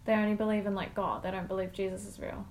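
A woman's voice: mid-range voice, flat delivery, fast talker, slight background noise. A British woman co-hosting a podcast, chatting playfully and giggling with friends. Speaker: podcast co-host. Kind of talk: casual chat among friends.

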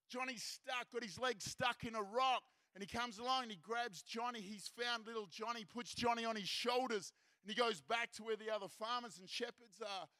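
Young Australian man, animated storytelling preacher, bright tone, dry close sound. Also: extremely high pitch, moderate pace, hardly any pauses, no echo. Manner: animated, acts out characters' lines. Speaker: seminar speaker. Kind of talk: storytelling sermon.

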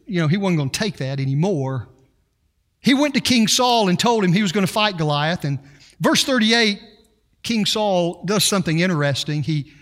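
A man preaching a sermon to his church, animated and emphatic, acting out quotes with attitude. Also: sits high, big-room sound. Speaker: pastor.

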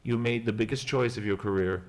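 A man interviewing an actor in a mock interview, asking questions in a measured, formal way. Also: on the low side, steady tone.

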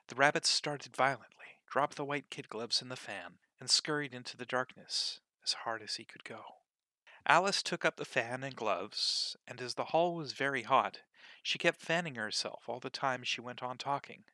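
Male narrator, expressive storybook reading, bright crisp voice, dry. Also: mid-range voice, normal speed, no echo.

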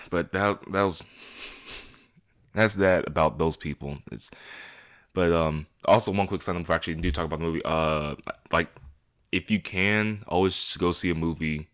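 Guy with a really low voice rambling through a story, casual. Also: moderate pace, a bit bright. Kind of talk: casual chat.

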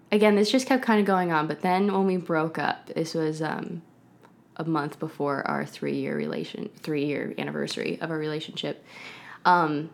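A woman in her twenties, a guest on a podcast, casually telling a personal story with lots of "like" and "um". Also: low voice. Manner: chatty, heavy use of "like" and "um".

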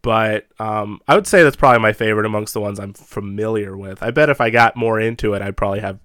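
A man talks casually on a podcast, rambling in a relaxed way and often chuckling. His voice is smooth and clear, with a dry, close recording and no room sound. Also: fairly low pitch, fast talker, dry recording. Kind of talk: casual chat.

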